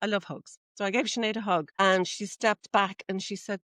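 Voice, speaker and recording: A woman's voice: mid-range voice, normal speed, hardly any pauses, dry recording. A middle-aged Irish woman, a podcast guest, telling a story in casual chat and acting out the dialogue. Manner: animated storyteller, acts out quoted dialogue.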